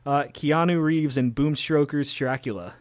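A man's voice: fairly high pitch, unhurried. A man hosting a casual podcast chat, joking and laughing often as he makes his picks. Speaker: podcast host.

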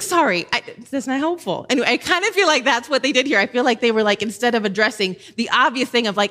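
A woman in her thirties teaching a Bible passage in a casual, animated way, acting out the people in the story and laughing easily. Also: fairly high pitch, fast.

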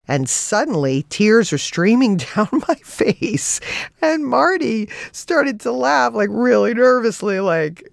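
An actress telling a personal story in a lively way, laughing as she goes. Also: mid-range voice, a little slow, gravelly, no room sound, clean studio sound. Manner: lively storyteller, laughing through her tale. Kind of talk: personal anecdote told on a radio show.

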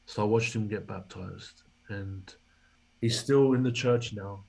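Guesting on a podcast interview, a man who used to play rugby league tells a story and acts out the dialogue he quotes. He speaks unhurriedly in a fairly low, gravelly, husky voice with a darkish tone. The recording is rough.

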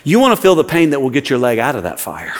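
This pastor has a mid-range voice whose pitch swoops wildly, and he talks fast. Preaching in a church sanctuary with the long reverb of a large hall, he's fervent and repeats words often to press his points.

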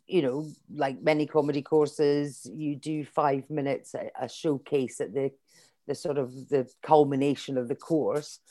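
A woman's voice: deep voice, dark tone. A middle-aged Scottish woman, a comedian being interviewed, telling stories in a chatty way with dry, wry humour. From Scotland. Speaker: comedian guest. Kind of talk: conversational interview.

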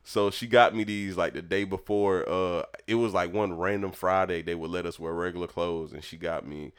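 A young man telling a lively childhood story in casual chat, acting out the people in it. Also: deep voice, moderate pace, clean tone. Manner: animated, acts out voices in his story. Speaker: storyteller talking with his mother.

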